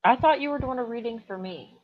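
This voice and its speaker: A woman's voice: on the high side, fast talker, phone-quality sound. A woman chatting as a guest, dry and matter-of-fact. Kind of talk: casual chat.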